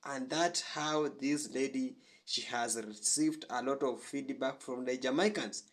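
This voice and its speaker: A man's voice: medium pitch, unhurried. A man hosting a reaction channel, giving earnest commentary from Africa with frequent hesitations and fillers.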